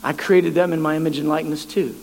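A preacher giving voice to God, soft and tender. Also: male voice, a little high, fairly even intonation, quick pace, vocal fry, pitched below the performer's own voice. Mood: earnest. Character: God speaking gently to a believer, male.

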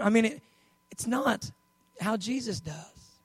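A man preaching a sermon, acting out Bible scenes with loud bursts and hushed, tender asides. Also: sits high, fairly quick, slightly rough, no room sound, poor audio. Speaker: pastor.

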